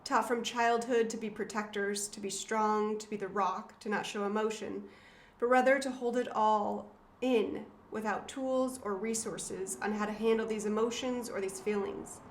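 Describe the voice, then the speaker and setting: A woman's voice: mid-range voice, fairly even intonation, moderate pace. A woman in her thirties, the author and host, talking casually and reading passages from her own book in an earnest, emotional way with frequent fillers and restarts. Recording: roomy echo, faint background noise.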